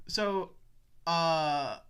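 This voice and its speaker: A man in his twenties tells a story in casual podcast chat, bright and forceful in tone. He is animated, laughs often and slips into voices of the people he quotes. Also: on the high side, very slow, clear, resonant tone. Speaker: podcast co-host.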